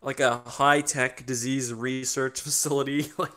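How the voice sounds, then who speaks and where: A man's voice: mid-range voice, little pitch movement, unhurried, bright, forceful tone. A young man hosting a casual podcast chat, joking loosely and laughing often. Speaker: podcast host.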